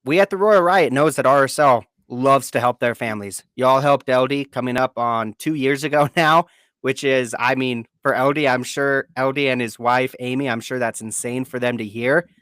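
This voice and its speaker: A man's voice: medium pitch, normal speed, a bit bright, clean tone, no room sound. Earnest male podcast co-host, dry sound. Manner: earnest, heartfelt, repeats words for emphasis. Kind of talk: casual live podcast talk.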